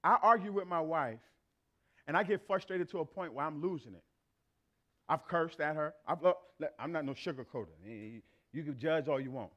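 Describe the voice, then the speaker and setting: A man's voice: fairly high pitch, expressive, moderate pace, a bit bright, lo-fi sound. A man in his thirties preaching a sermon, blunt and playful, talking straight to the congregation.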